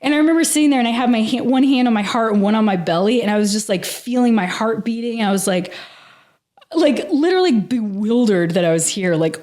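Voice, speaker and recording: A woman's voice: a little high, lively intonation, fairly quick, darkish tone. A woman as a podcast guest, telling a personal story in an earnest, emotional way and saying "like" constantly. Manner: earnest and emotional, heavy use of "like". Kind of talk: casual interview storytelling.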